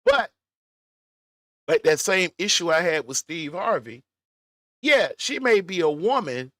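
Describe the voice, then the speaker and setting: A man's voice: fairly high pitch, pushed and bright, no room sound, clean studio sound. Profane, mocking man reacting to a clip. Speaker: commentary vlogger. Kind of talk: reaction commentary.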